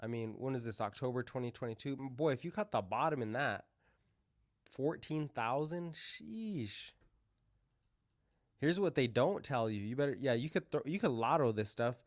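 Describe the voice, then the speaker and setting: A man's voice: mid-range voice, a little fast, no echo, clean studio sound. A man hosting a crypto livestream, talking casually and rambling through live chart commentary with lots of fillers and restarts.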